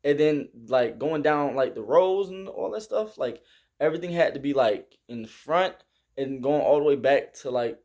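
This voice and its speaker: A young man with tells a story in a casual vlog. His voice sits a little high for a man. He talks in an animated way, acts out shouted quotes and fills his speech with "like" and "bro". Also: normal speed. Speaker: vlogger recounting army basic training.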